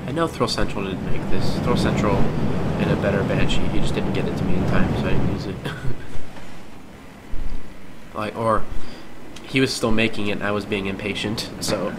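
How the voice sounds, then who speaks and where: A man's voice: lowish voice, steady tone, moderate pace, long pauses. A young man from Ohio with an Ohio accent, chatting and rambling casually while streaming a coaster simulator, laughing often. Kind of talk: casual live-stream commentary. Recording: loud background noise.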